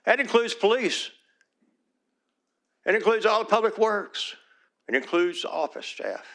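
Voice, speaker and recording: A man's voice: sits high, animated, measured pace, gravelly, fairly bright tone. A man, a small-town mayor giving public comment at a city council meeting, earnest and pleading, his voice turning emotional as he repeats his requests.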